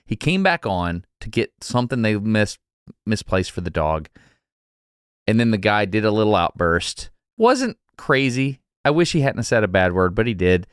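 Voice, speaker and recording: Here a man's voice sits on the low side, clear and resonant at a moderate pace, recorded in studio quality with no room sound. As a podcast co-host, he tells a story in casual chat, animatedly acting out the people and laughing as he quotes them.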